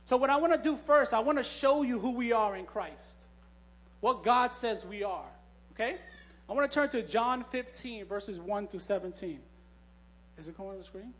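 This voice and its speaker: Male preacher, high voice, relaxed storytelling sermon with jokes and restarts. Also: normal speed. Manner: joking, storytelling, frequent restarts. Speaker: pastor. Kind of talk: conversational sermon. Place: church.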